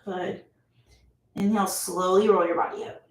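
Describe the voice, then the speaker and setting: A woman's voice: mid-range voice, fairly even intonation, moderate pace. A woman yoga instructor guiding a class, upbeat and playful, chatty with whoops and laughter. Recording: echoey room, mic at a distance.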